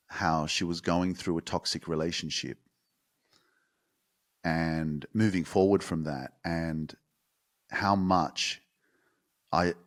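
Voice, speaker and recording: A man's voice: low-pitched, fairly bright tone. A young man from Australia hosting a motivational podcast, talking bluntly and swearing freely.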